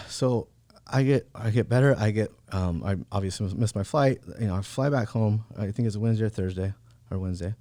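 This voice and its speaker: A man's voice: lowish voice, a little fast, mellow. A man guesting on a podcast, telling a personal story in a casual, laid-back way, peppered with "bro" and "like". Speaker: podcast guest, real estate agent. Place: podcast studio.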